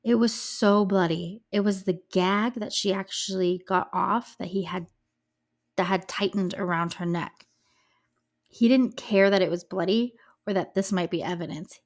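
Chatty woman telling a true-crime story. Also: medium pitch. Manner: chatty, emphatic, with swearing and fillers. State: slightly scratchy voice. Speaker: podcast host.

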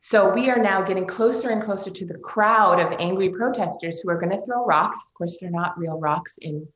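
A woman's voice: mid-range voice, a little fast, a bit bright, roomy sound, poor audio. A woman, a film director, telling a hard story in an interview, earnest and emotional, with many fillers and restarts. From Canada. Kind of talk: interview conversation.

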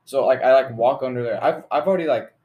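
Casting: young guy, rapid casual talker, halting and full of filler. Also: mid-range voice, narrow, tinny audio. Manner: quick, halting storytelling with filler. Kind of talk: casual chat.

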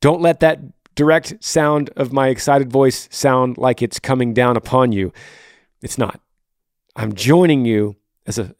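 A passionate male podcast host who answers a listener's faith question in a voice of ordinary pitch. He swings between hushed, intimate phrasing and raised, direct emphasis. The recording is dry and close to the mic. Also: no echo.

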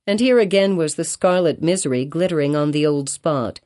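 A woman narrating an audiobook of a classic novel in a measured, formal reading. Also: low voice, mellow.

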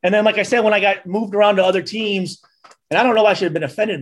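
Give me a man with a high voice, a former football player, swapping lively stories on a podcast. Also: rapid-fire. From Michigan. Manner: animated storytelling, acts out quotes loudly, swears freely. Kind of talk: casual podcast chat.

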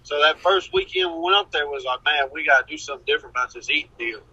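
A man's voice: a little high, racing, bright, forceful tone, husky, dry recording, lo-fi sound. A man on a podcast call, casually telling rambling anecdotes and acting out the people he quotes. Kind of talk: casual chat, storytelling.

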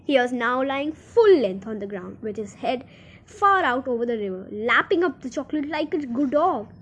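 A woman reads a children's book aloud with theatrical expression. Her voice is high and swoops widely in pitch. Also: animated, moderate pace, a bit bright, slightly rough. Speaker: reader.

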